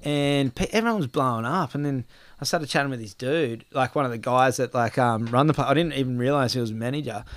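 A man in casual chat, telling lively stories and acting out what people said, with the odd swear word. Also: medium pitch, fast, no echo. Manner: animated storyteller, acts out quotes, swears casually.

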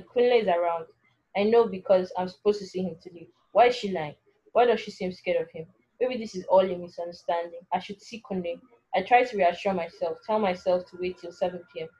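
A woman's voice: lowish voice, steady tone, brisk, darkish tone, dull audio. A woman narrating a first-person story in an anxious, self-questioning way.

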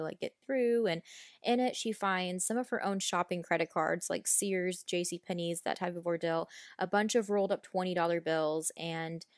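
Casual true crime storytelling from a female podcast host: she goes through a case chattily, frankly and with strong opinions, now and then swearing mildly. Her voice sits lowish, captured on a podcast mic in clean studio quality without any room sound.

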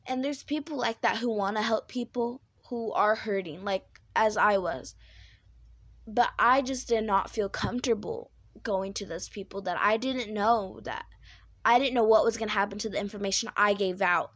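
Woman with a squeaky high voice. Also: moderate pace, a bit bright, no room sound. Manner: candid, rambling with fillers and restarts. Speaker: podcast host. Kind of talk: personal podcast monologue.

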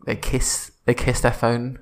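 A man's voice: mid-range voice, completely flat delivery, a little slow, faint music behind. A man hosting a comedy podcast in casual, playful chat, laughing often. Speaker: podcast host.

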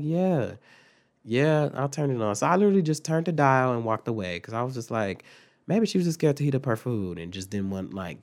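Young guy doing a storytime vlog, swears a lot, super dramatic, mid-pitched voice. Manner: animated, profane, dramatic storytelling. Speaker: vlogger.

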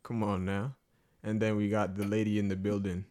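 A man's voice: fairly low pitch, moderate pace. Laid-back man hosting a podcast. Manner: laughs often, relaxed storytelling. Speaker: podcast host. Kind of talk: casual chat among friends.

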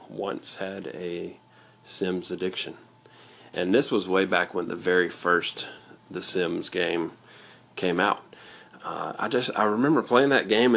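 A man's voice: deep voice, creaky, fairly bright tone. A man hosting a casual radio talk show, rambling with restarts and joking asides, from the US South.

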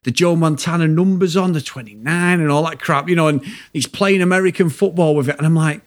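A man's voice: on the high side, fairly quick. A man co-hosting a podcast, ranting about a film in casual, sweary, exasperated chat. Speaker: podcast co-host.

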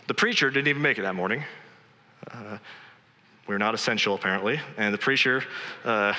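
A man's voice: lowish voice, fairly quick, pushed and bright. A man preaching a sermon, pressing his points with emphatic, repeated exhortations. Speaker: pastor. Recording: long reverb of a large hall.

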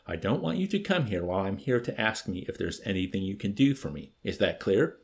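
Brief: withdrawn major, read by a male narrator, clipped answers, gravelly. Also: lowish voice, brisk. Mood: curt. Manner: curt, flat, clipped replies.

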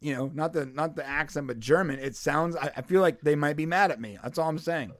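A man's voice: fairly high pitch, a little fast, dry recording, clean studio sound. A man co-hosting a podcast, joking around in casual banter and laughing often. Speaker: podcast co-host.

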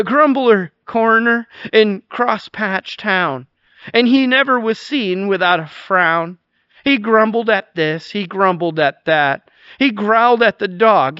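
A man's voice: a little high, bright, forceful tone, smooth, dry recording, lo-fi sound. A male pastor preaching a sermon, emphatic, telling stories and laughing now and then.

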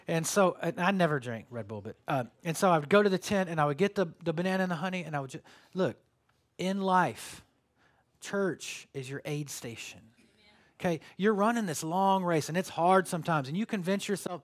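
A male pastor giving a sermon, telling stories with sudden loud bursts and quiet drops. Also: a little high, fairly quick.

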